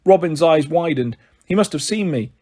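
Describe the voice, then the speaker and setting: A man narrating a children's book with a husky, somewhat breathy voice. His pitch sits a little high and moves around a lot. He reads with expression in the first person. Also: animated, normal speed, mellow. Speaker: storyteller. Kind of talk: reading a children's novel aloud.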